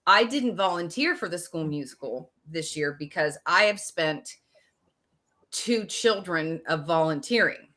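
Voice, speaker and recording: Woman in her forties, low-pitched, bright, animated storyteller, chatty podcast co-host. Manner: animated storytelling with many fillers and restarts. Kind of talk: casual chat.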